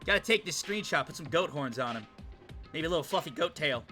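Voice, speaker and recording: A young man streaming a game, rambling and chatting, breaking into loud excited jokes. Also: on the high side, fairly quick. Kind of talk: live game commentary. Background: faint game music.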